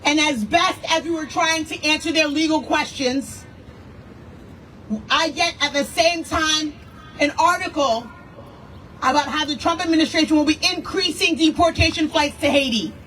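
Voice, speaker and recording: An American woman city councilor giving an angry, forceful protest speech, repeating lines for emphasis. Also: high-pitched, normal speed. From United States. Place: outdoor rally. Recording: distant mic with faint noise.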